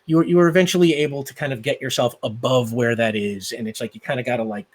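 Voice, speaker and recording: A man narrating as game master of a tabletop game, rambling and loose, with many fillers. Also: fairly low pitch.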